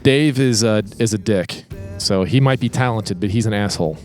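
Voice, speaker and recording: A man's voice: on the low side, moderate pace, darkish tone. A man on a casual music podcast, speaking bluntly and with strong opinions.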